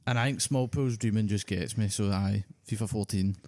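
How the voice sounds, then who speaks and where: A Scottish man co-hosting a podcast in casual chat, talking in a laid-back, low-key way. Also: a little fast, a little mellow, no echo. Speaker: podcast co-host.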